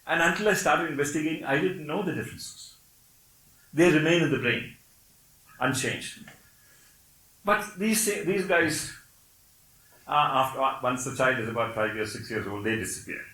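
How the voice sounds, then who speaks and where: A man's voice: fairly high pitch, lively intonation, moderate pace, pauses often, pushed and bright, roomy sound, low-quality recording. An older man from Kerala, whose first language is Malayalam, speaks English with a Malayali accent while giving a lecture, explaining patiently and checking in with "Okay?". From Kerala, India. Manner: explanatory, with frequent "Okay?" checks and wry laughs.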